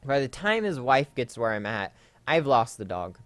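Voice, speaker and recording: A man's voice: mid-range voice, big pitch swings, moderate pace, a bit bright, clean tone, dry recording, faint music behind. Rambling man telling a story over gameplay. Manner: rambling, with frequent fillers and self-corrections. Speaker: Let's Play host. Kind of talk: casual storytelling while playing a game.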